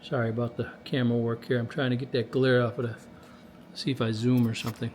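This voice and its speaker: A man's voice: mid-range voice, flat delivery, fast, dull audio, slight background noise. Folksy man testing a radio. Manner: folksy, talks to camera while testing a radio. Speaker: CB radio technician. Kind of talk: casual workshop commentary.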